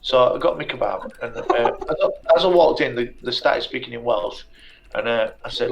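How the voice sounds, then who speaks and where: A man's voice: medium pitch, animated, brisk, gravelly, rough recording. A man with a Yorkshire accent chatting on a group call, telling blunt, sweary stories. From Yorkshire, England. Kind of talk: casual chat. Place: home, online group call.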